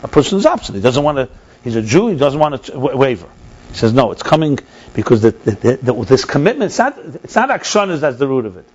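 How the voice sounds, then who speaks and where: A man teaching a text study class as a rabbi, animated, repeating and restarting words and mixing Hebrew terms into his explanations. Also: medium pitch, fast talker, husky, dull audio.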